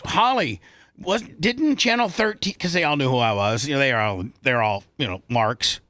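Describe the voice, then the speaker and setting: A middle-aged radio host spins a long, rambling on-air story in a fairly high voice with no echo. He's animated and acts out the voices of the people he quotes.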